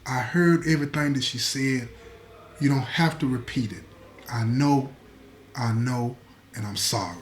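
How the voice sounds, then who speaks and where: A man voicing a hushed, soothing mother. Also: mid-range voice, unhurried, pauses often, a little hiss or hum, close to an everyday voice. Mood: apologetic. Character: worried mother, adult woman, soothing. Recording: echoey room.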